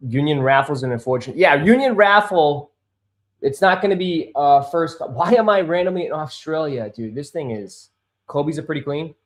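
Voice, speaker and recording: A man's voice: on the high side, animated, normal speed. Frustrated, swearing man streaming live. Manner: swearing, easily frustrated, calls viewers bro and dude; gets loud and insistent when making a point. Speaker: sneaker livestream host. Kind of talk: casual live-stream chat. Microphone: desk microphone.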